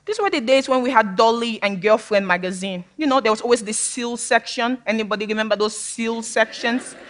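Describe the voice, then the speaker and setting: A woman speaker from Sierra Leone telling her own story to an audience in a fairly high voice. She talks candidly and with humor, and often breaks into laughter. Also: brisk. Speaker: public speaker. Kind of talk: personal talk to an audience.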